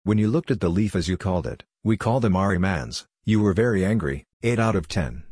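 A man reading the lines of a calm, odd-talking male scientist in a story, in a measured, matter-of-fact way. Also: sits low, breathy edge, no room sound, clean studio sound, exaggerated voice.

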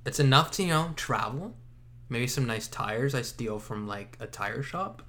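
A man's voice: mid-range voice, lively intonation, unhurried, fairly bright tone. Rambling, jokey man chatting casually. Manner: rambling, jokey, self-correcting. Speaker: podcast co-host. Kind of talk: casual chat.

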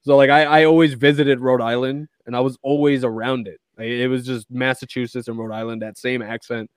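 A man's voice: medium pitch, little pitch movement, fairly quick, smooth, dry recording. A man guesting on a casual podcast, telling stories animatedly, laughing often and saying "like" a lot.

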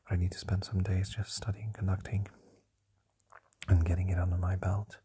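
A young man records his nightly podcast diary in a soft whisper, lying down at night in a house he shares with others who are asleep nearby. His breathy, low, dark voice moves slowly and flatly, stalling often on fillers.

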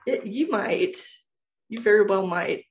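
A woman's voice: mid-range voice, measured pace, echoey room, far from the mic, dull audio. A woman co-hosting a casual chat, playful and self-deprecating, often laughing as she talks. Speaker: podcast co-host.

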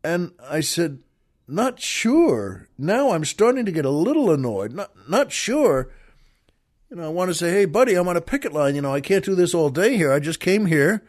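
A man's voice: fairly high pitch, sing-song, a little fast, darkish tone. An older man hosting a podcast, telling a rambling, self-amused anecdote in a casual storytelling monologue and laughing along as he goes. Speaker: podcast host.

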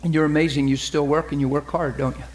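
A man preaching as a pastor, animated and acting out quoted voices in a lively sermon. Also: a little high, quick pace, slight background noise.

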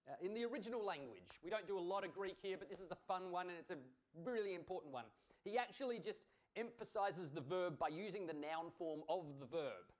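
A man's voice: high-pitched, expressive, brisk. A man preaching a sermon in an earnest, emphatic way, asking rhetorical questions.

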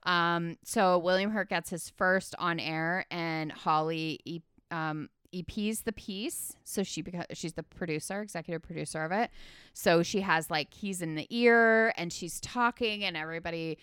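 Chatty woman with a smooth, dry voice. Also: on the low side, moderate pace, fairly bright tone, dry recording. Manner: chatty, filler-heavy, acts out the characters' lines. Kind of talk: casual chat retelling a film.

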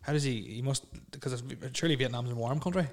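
A man who hosts a casual chat, jumping in with quick reactions and questions. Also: mid-range voice. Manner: quick-fire interjections and reactions.

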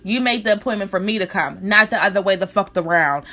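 A woman's voice: medium pitch, fast talker, bright, forceful tone. A young woman telling a story as a heated, profanity-filled, confrontational rant to the camera. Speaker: law student.

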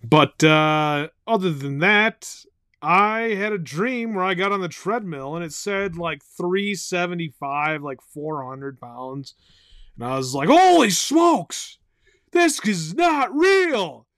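A high-voiced man rambles through a solo podcast monologue. He is excitable and profane, breaking into loud outbursts and laughter. The sound is dry and close, with no room echo. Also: slow pace, smooth. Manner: excitable, swears loudly, bursts into shouting and laughter. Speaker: podcast host.

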